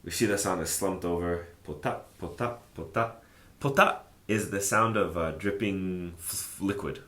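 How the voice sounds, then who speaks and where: A man teaching a language lesson in a relaxed, chatty way, thinking aloud with plenty of fillers. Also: sits low, unhurried, roomy sound. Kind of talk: casual explanatory lesson.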